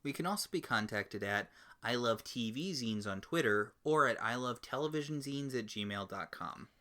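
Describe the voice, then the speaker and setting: A man's voice: medium pitch, lively intonation, moderate pace, pushed and bright. A man co-hosting a TV recap podcast in casual chat, chatty and rambling. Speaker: podcast co-host.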